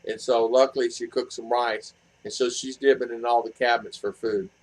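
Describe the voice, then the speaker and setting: A man's voice: mid-range voice, level tone, brisk, low-quality recording. An older man hosting a casual live stream from his home, reading chat messages and telling stories in a blunt, rambling way, repeating himself. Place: home in the Philippines.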